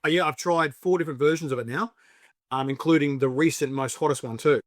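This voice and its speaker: The guest here is an Australian man behind a spicy food show, speaking fast in a fairly high voice during a relaxed interview. Dry, studio-grade audio captures his chatty stories, heavy on fillers and acted quotes.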